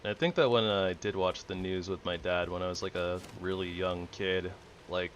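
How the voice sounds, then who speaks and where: Low-voiced laid-back young man gaming. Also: steady tone, normal speed, a little hiss or hum. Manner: rambling, laid-back, chuckles often. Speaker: gaming streamer. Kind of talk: casual gameplay chat.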